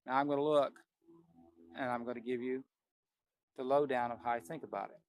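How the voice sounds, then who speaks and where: A man's voice: mid-range voice, fairly even intonation, fairly quick. A man giving a casual ear-training lesson at the piano, naming the notes he plays and thinking aloud as he goes. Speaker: piano teacher. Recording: piano loud behind voice. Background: piano playing.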